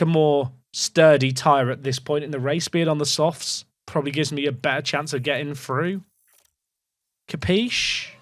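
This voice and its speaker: A man's voice: a little high, fairly bright tone, dry recording, studio quality. A young English man casually commentating a racing management game, rambling and questioning himself as he talks to his chat. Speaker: gaming streamer.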